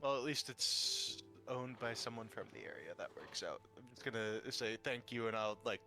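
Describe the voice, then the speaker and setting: A player in a tabletop game, this man talks casually and slips in playful jokes. His voice is bright and forceful, with faint music underneath. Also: on the low side, moderate pace. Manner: joking, playful asides.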